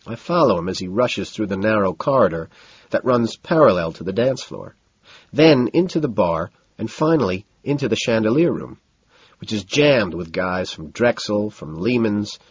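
A man's voice: fairly low pitch, sing-song, moderate pace, husky, dry recording, lo-fi sound. A man giving first-person audiobook narration in a cool, detached manner, listing details.

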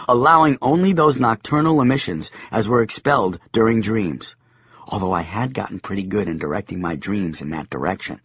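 Wry man narrating an audiobook, husky. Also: mid-range voice, dry recording. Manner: wry, deadpan first-person storytelling. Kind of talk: scripted comic narration. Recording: dull, lo-fi audiobook sound.

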